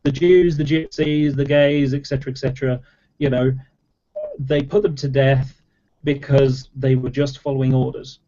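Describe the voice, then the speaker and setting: A man's voice: medium pitch, level tone, moderate pace, mellow. A man explaining at length in casual chat, rambling with lots of fillers and restarts. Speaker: debater in an online chat. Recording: dull lo-fi audio.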